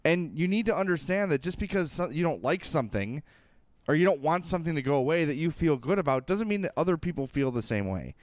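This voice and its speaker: A man co-hosts a sports podcast. He is emphatic and repeats himself as he lectures listeners. His voice is smooth and fairly high, and it sits dry and close on the mic. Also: lively intonation, quick pace, no echo. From Illinois, USA. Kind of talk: opinionated sports talk.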